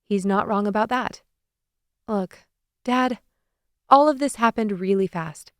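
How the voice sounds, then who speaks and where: A woman narrating a first-person audiobook with a lively, expressive reading on a close studio mic. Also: mid-range voice, unhurried, long pauses, clear, resonant tone, dry recording.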